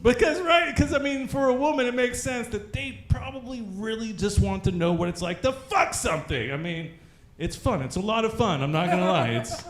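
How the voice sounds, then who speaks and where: A man's voice: sits high, lively intonation, normal speed, few pauses, slight background noise. A man hosting an open mic, doing profane stand-up comedy on a brewery stage and laughing at his own jokes. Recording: echoey room.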